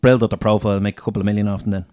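A man co-hosting a sports podcast, talking about football in an animated, opinionated way. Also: on the low side, rapid-fire. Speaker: podcast co-host. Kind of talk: casual sports chat.

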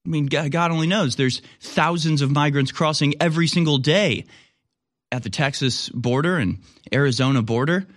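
A man's voice: mid-range voice, fairly bright tone. A man hosting a political commentary show, talking in a sarcastic, incredulous way with frequent laughs.

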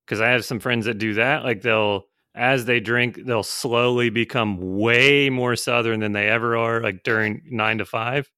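Man, casual chat, dry quips, blunt, profane, bright voice, dead dry sound. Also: mid-range voice, fairly even intonation, moderate pace, few pauses, clean tone, no room sound.

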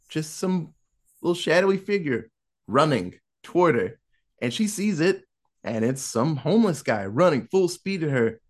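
A man casually retelling a film's plot, acting out the characters' lines as he goes. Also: fairly high pitch. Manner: animated storyteller who acts out quotes. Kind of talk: casual film recap storytelling.

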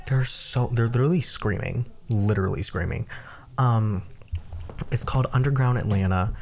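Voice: medium pitch, moderate pace, darkish tone. A young adult podcast host telling a story in a casual, rambling way, with lots of fillers, who acts out the voices of people being quoted.

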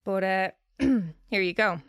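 A woman's voice: mid-range voice, slow, clear, resonant tone, no room sound, clean studio sound. A woman co-hosting a podcast, telling a story in a loose, chatty way and swearing casually. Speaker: podcast co-host.

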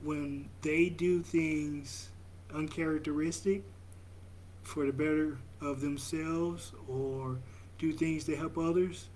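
A young father talking slowly and reflectively, with halting restarts and soft laughs. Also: fairly high pitch, fairly even intonation, slight background noise. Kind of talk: reflective vlog monologue.

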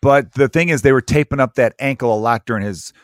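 A man's voice: medium pitch, fast, dry recording. Man for a casual podcast chat, rambling with restarts and a dry close sound. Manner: rambling, many restarts, animated when quoting others.

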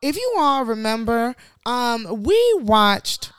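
Woman podcast co-host, frank casual chat, smooth clear voice, fairly high, dry close sound. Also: very animated, slow pace, dry recording. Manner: frank, opinionated, chatty with many fillers.

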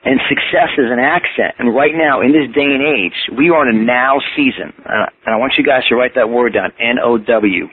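A man's voice: medium pitch, moderate pace, hardly any pauses, slightly rough. New York man, motivational talk over a phone line. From Yonkers, New York. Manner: emphatic, repetitive, spells out words. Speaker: motivational speaker. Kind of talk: motivational talk on a radio show. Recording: phone-line call-in audio.

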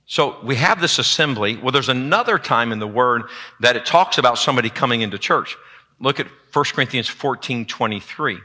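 A man preaching a sermon in a church, with a lively call-and-response delivery. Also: medium pitch, fairly quick. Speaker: pastor. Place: church sanctuary.

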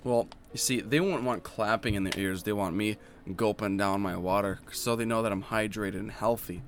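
A man's voice: on the low side, steady tone, normal speed, a little hiss or hum. A young man hosting a casual podcast, joking and playful with his friend. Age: young adult. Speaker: podcast host.

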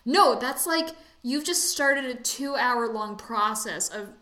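A woman chatting casually about a movie, talking fast and acting out the people she quotes in put-on voices. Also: fairly high pitch, animated, pushed and bright, roomy sound.

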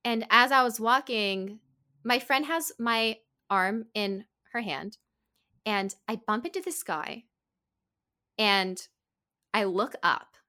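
A young woman telling a story in casual chat, animated and giggly, full of "like". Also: on the high side, takes it slowly, pauses often. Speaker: podcast co-host.

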